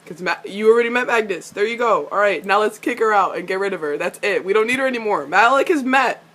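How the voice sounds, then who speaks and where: A young woman giving a casual fan recap of a TV episode, gushing and ranting at the characters, swearing freely and laughing often. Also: fast talker. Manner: excitable, swears a lot, gushes and rants at characters; laughs often, squeals high when excited. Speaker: fan reviewer reacting to a TV episode.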